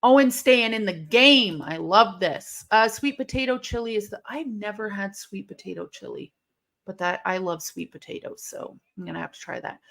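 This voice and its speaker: A woman hosting a live watch-along stream, chatting casually, answering her chat and breaking into sudden excited outbursts at the action. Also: medium pitch, normal speed, gravelly.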